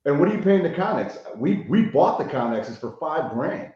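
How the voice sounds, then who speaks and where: A man's voice: a little high, big pitch swings, moderate pace, dark tone. A man from Chicago, a rehab consultant guest on a podcast, telling stories animatedly, swearing freely and tagging lines with "right?". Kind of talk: casual podcast interview. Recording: echoey room, muffled lo-fi sound.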